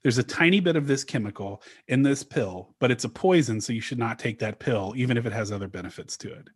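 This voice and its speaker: A man's voice: medium pitch, fast talker, slightly rough. A man co-hosting a casual podcast, recounting a story at length with frequent restarts. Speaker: podcast co-host.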